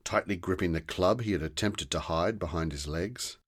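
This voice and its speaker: A man narrating a children's fantasy story in a slow, deliberate storytelling manner. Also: deep voice, slightly rough.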